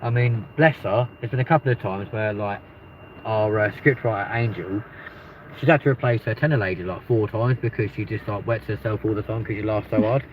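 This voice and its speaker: A London-accented man with a fairly low voice hosts a live stream, rambling through loose, profanity-laced banter. The recording is muffled and lo-fi, with a faint hiss of noise behind him. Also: a little fast. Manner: rambling, swears freely. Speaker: livestream host.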